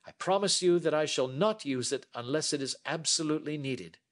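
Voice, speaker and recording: A man reading a calm, gentle, sharp detective. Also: fairly high pitch, voice pushed up, natural voice. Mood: reassuring. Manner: measured, gentle and grave.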